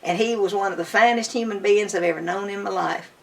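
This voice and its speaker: Older lady gabbing happy stories, mid pitch, mic a bit far away. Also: fast, vocal fry. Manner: enthusiastic, chatty, fond storytelling. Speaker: bluegrass musician interviewee. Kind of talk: casual storytelling interview. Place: her home.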